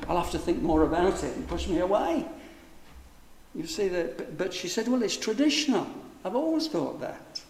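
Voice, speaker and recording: Emphatic preacher in echoey hall. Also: male voice, sits high, a little mellow. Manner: emphatic, rhetorical questions, varies pace for stress. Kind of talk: sermon. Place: church. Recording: echoey church hall with long reverb.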